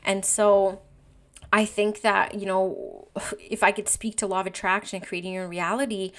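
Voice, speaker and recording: A woman's voice: medium pitch, little pitch movement, a little slow. Earnest, chatty woman podcast host. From Canada. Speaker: podcast host and medium teacher. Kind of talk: casual storytelling podcast.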